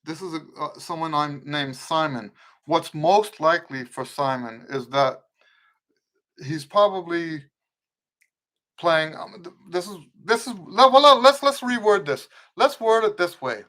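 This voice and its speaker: This fairly high-pitched, sharp-toned voice belongs to a middle-aged trumpet teacher from the eastern US whose mixed American accent has Western Pennsylvania roots. Expressive and unhurried, he hosts a casual live Q&A, frequently starting sentences over and rephrasing them.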